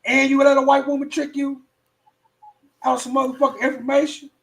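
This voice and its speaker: A man's voice: extremely high pitch, fairly quick. A man hosting a live stream, giving heated, profane commentary and now and then slipping into mocking voices. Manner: animated, profane, slips into mock voices.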